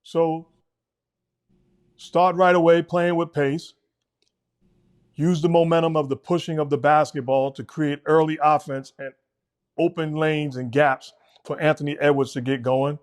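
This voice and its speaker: A middle-aged man calmly breaking down basketball plays as co-host of a sports talk show. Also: on the high side. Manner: measured, coach-like breakdowns. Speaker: podcast co-host, basketball analyst.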